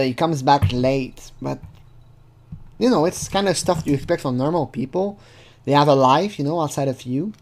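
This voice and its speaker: A man's voice: on the high side, darkish tone. A man hosts a casual commentary, talking through a text in a rambling, hesitant way. He swears freely and fills gaps with "uh" and "like". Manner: rambling, profane, hesitant with fillers. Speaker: channel host.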